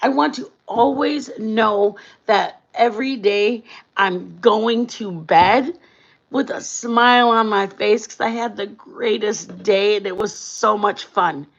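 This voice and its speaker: A woman's voice: medium pitch, slow, lo-fi sound. A woman hosting a livestream, telling personal stories in a playful, giggly way and laughing often. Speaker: livestream host. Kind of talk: casual storytelling chat.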